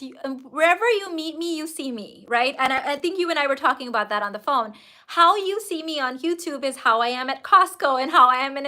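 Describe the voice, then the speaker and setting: A woman's voice: high voice, sharp tone. A woman hosting a casual livestream as a business coach, answering viewer comments in an effusive, emphatic way with the odd swear word.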